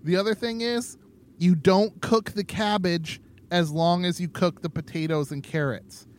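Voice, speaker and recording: A man's voice: high-pitched, fairly even intonation, measured pace, darkish tone. A tipsy man co-hosting a podcast, rambling in casual chat and laughing often. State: tipsy from drinking. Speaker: podcast co-host.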